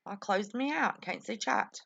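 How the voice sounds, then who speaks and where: In a creaky, slightly bright mid-range voice, a livestream host talks at a measured pace, expressive as she trades folksy, affectionate chat with callers and viewers. The audio is dry, dull, and lo-fi.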